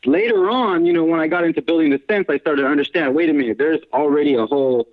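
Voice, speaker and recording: A man's voice: fairly high pitch, fast. Male guest, rambling storyteller with lots of restarts and chuckles, heard over a thin phone-like line. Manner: rambling, restarts, frequent laughs. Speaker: guest, house music DJ and producer. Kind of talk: casual storytelling interview.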